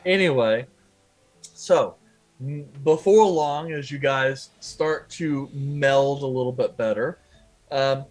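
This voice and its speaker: A man narrating a tabletop game as game master over a video call, describing scenes with many pauses and fillers. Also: mid-range voice, faint music behind, poor audio.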